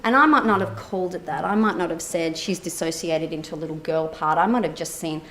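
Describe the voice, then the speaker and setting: A woman therapist giving a conference keynote, telling a personal story in a lively way, acting out quoted dialogue with many fillers. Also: fairly low pitch, brisk, slight background noise.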